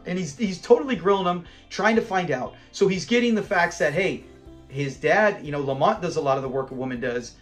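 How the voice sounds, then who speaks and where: Animated man recapping a sitcom. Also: fairly high pitch, brisk, faint music behind. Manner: animated, rambling, chuckles often. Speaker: fan commentary host. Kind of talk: casual chat recapping a sitcom episode.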